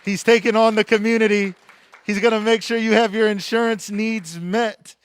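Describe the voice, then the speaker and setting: A man's voice: sits high, steady tone, moderate pace, smooth. A man emceeing a live awards night on a handheld microphone, joking with and hyping up the crowd. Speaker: event emcee. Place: event hall stage.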